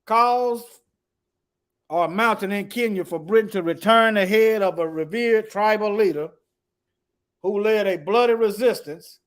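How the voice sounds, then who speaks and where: A man with a notably high speaking voice, reading news articles aloud and commenting on them in a loose, off-the-cuff way. He hammers his points by repeating phrases and trips over words as he goes. Between points he drops to a quiet mutter, talking to himself. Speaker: political commentator.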